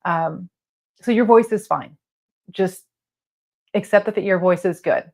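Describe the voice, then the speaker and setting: A woman talking casually to camera from her office as a coach, blunt and encouraging, with some letters not said crisply. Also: medium pitch, measured pace, a little mellow. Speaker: real estate video coach. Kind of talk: casual advice talk to camera. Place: home office lit by lamps.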